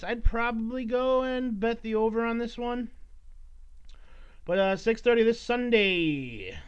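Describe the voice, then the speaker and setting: A man's voice: high voice, clean tone. A man hosting a casual solo podcast, rambling and swearing while he teases his listeners. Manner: rambling, profane, mock-scolding his listeners. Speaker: podcast host. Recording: dull lo-fi recording.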